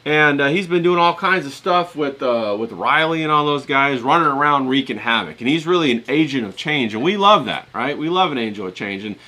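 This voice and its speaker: A man's voice: medium pitch, lively intonation, fairly quick, few pauses, pushed and bright. A man with a self-described hillbilly Southern US accent, hosting a casual livestream and chatting straight to his viewers in a loose, rambling way. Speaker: livestream host.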